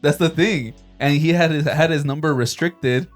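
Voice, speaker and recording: A man co-hosting a casual podcast, relaxed and swearing freely while telling a story about his brother. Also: a little high, normal speed, soft background music. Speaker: podcast co-host. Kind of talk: casual chat.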